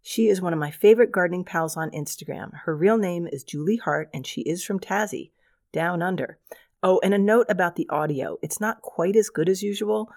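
A woman's voice: fairly low pitch, creaky, darkish tone, dry recording, clean studio sound. Chatty older woman hosting a gardening show. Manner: chatty, wry, enthusiastic. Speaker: radio gardening show host. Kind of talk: scripted radio segment.

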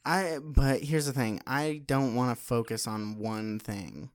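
A man co-hosting a podcast, talking in casual banter with a deadpan, teasing and crude manner. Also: medium pitch, a little slow, clean tone. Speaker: podcast co-host.

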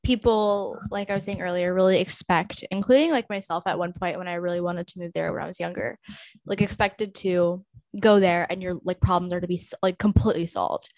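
A woman's voice: fairly low pitch, fairly even intonation, a little fast, darkish tone, no room sound. A young woman co-hosting a casual podcast, playful and emphatic, often saying "literally". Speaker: podcast co-host. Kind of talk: casual chat.

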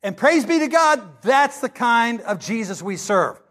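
A man with a high voice preaches a sermon with real passion. He reads scripture slowly and dramatically, then speeds up as he teaches and tells stories. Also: sing-song, fairly bright tone. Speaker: pastor.

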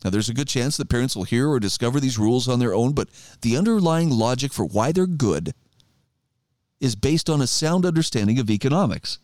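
A man's voice: medium pitch, lively intonation, a little fast, a little mellow, dry recording, clean studio sound. A middle-aged man hosting a talk radio show, reflecting conversationally and reading articles aloud with emphasis.

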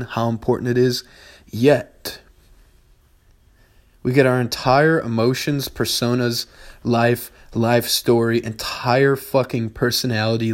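A young adult man hosting a podcast, rambling through a casual philosophical monologue full of swearing and bursts of exasperation. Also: mid-range voice. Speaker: podcast host.

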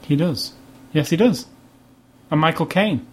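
A man's voice: a little high, a little slow, slightly rough. A man chatting casually about films as a podcast co-host. He rambles, jokes and slips into put-on voices to act out scenes. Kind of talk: casual film review chat.

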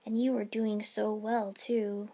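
A woman's voice: medium pitch, little pitch movement, slow, mellow. Woman voicing a glum easygoing ninja boy. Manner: mournful, sighing.

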